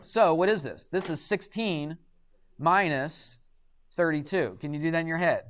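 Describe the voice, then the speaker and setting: A man's voice: a little high, moderate pace. Chatty male math teacher in class. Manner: chatty, asks the class frequent questions. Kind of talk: classroom lecture.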